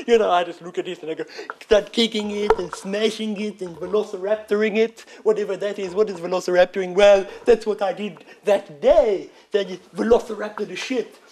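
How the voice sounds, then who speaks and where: A man telling a rambling comic story as a stand-up comedian, excitable and profane, often laughing at his own bits. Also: high-pitched, brisk, slight background noise.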